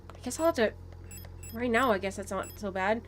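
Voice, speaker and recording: A woman's voice: fairly high pitch, a little fast, a little hiss or hum. A young woman streaming a game, chatting casually and rambling with playful asides. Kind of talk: casual gaming stream chat.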